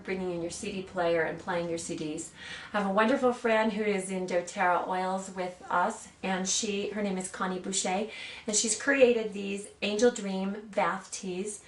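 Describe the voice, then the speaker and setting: A woman in her sixties, an aromatherapy practitioner, who gently demonstrates oils and tells personal stories in a soft, earnest way. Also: mid-range voice, slight background noise. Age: 60s. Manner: soft, earnest, reads blessings slowly. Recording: roomy sound from a distant mic, faint ambience.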